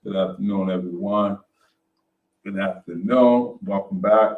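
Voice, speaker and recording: A man's voice: low-pitched, unhurried, distant mic, phone-quality sound. A man who works as a recovery coach, hosting a casual online support-group session and reading an article aloud. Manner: muttering to himself while fixing tech, then greeting warmly and reading aloud. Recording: echoey room, voice off-mic.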